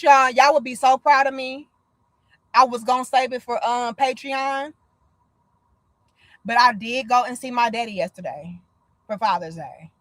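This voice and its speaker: A woman's voice: high-pitched, no echo. Blunt, profane woman in her thirties. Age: 30s. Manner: blunt, profane, animated storytelling. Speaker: livestream host. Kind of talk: casual livestream chat.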